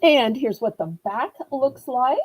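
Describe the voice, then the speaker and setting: In a low-quality recording, a woman with a Southern accent hosts a live online auction with a high-pitched, darkish, husky voice, speaking slowly but with lively intonation. Chatty and upbeat, she shows items in this home shopping sale and playfully sings the prices.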